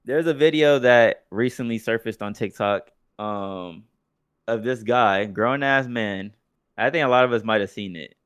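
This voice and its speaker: A man's voice: mid-range voice, measured pace, fairly bright tone, smooth, no echo, clean studio sound. A young man co-hosting a podcast, chatting casually and swearing freely, telling stories with mocking impressions of other people. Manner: profane, loose storytelling with mocking impressions. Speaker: podcast co-host. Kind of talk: casual chat.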